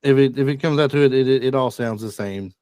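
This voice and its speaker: A man guest on a movie podcast, talking in a relaxed, self-deprecating way with halting restarts. Mid-pitched voice, recorded dry. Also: clear, resonant tone, dry recording. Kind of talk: casual movie podcast chat.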